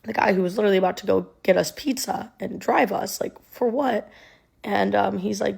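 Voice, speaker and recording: Young woman, low creaky voice, flat delivery, lots of ums and likes. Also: normal speed. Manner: conversational with many ums and likes. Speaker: storyteller. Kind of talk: personal storytime.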